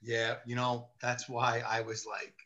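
Animated New storyteller, bright voice. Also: male voice, medium pitch, a little slow. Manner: animated storyteller who acts out the voices of others. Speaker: retired police officer telling stories. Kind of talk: casual storytelling chat.

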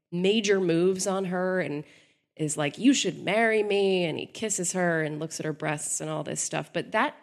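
A woman with a somewhat low voice hosts a podcast. She talks in a casual, analytical way, working through her points and often restarting her sentences. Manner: thoughtful, analytical, frequent restarts. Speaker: podcast host.

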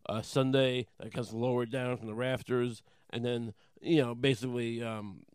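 A man doing a rambling comic monologue, deadpan and crude, halting with many fillers. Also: mid-range voice, smooth, dry recording, clean studio sound. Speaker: comedian.

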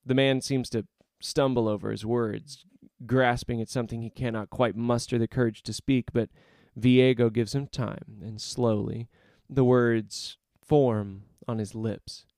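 Guy narrating a story podcast, gravelly voice, dry close sound, faint music under it. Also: mid-range voice, steady tone, measured pace, a little mellow, dry recording.

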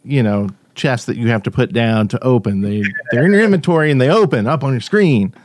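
A man's voice: medium pitch, a little fast, darkish tone, no room sound. A man co-hosting a casual podcast, self-deprecating and hesitant. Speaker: podcast co-host. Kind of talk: casual chat.

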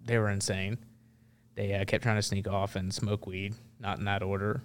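A man's voice: on the low side, little pitch movement, normal speed, smooth. A man, a military veteran, telling a story as a podcast guest in a loose, rambling way full of restarts. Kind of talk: casual storytelling.

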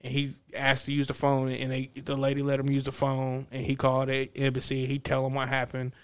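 A young man in casual chat, recapping a movie plot in a rambling, profane, animated way. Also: mid-range voice, fairly quick, clean tone. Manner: profane, animated storytelling with acted-out quotes.

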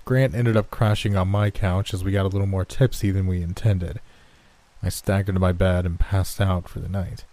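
A male narrator reading a first-person horror story in a measured, even way. His voice sits low, with a mellow, soft-edged tone. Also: no echo.

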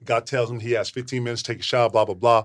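A man in his forties, a former pro athlete, telling animated, profane stories as a guest in a casual podcast studio chat. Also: mid-range voice, fast talker, no room sound. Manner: animated, profane, swaggering storyteller.

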